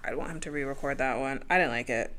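A woman's voice: a bass voice, quick pace, fairly bright tone. A woman co-hosting a podcast in casual chat, blunt and joking with a profane edge. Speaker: podcast co-host.

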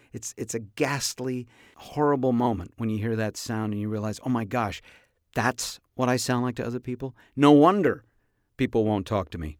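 A man hosting a podcast about voice acting, talking casually with playful, expressive comic storytelling. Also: medium pitch, no echo, clean studio sound. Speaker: podcast host and voice actor.

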